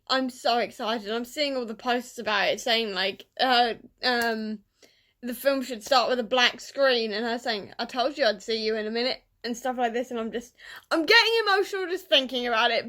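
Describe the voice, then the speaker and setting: Young woman vlogger, high bright voice, excitable, gushing and self-mocking, casual chat. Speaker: book vlogger.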